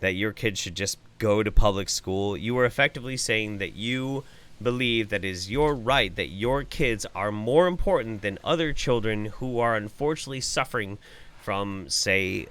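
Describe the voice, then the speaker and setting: A man's voice: lowish voice, moderate pace, a bit bright. Angry swearing male commentator. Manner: angry, sarcastic, swearing, then apologetic. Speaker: host reacting to clips. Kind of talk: profane ranting commentary.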